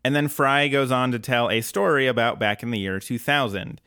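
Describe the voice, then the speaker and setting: A man's voice: medium pitch, normal speed, pushed and bright, clear, resonant tone, no echo. A man co-hosting a podcast, recapping an episode in casual chat with dry jokes. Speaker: podcast co-host.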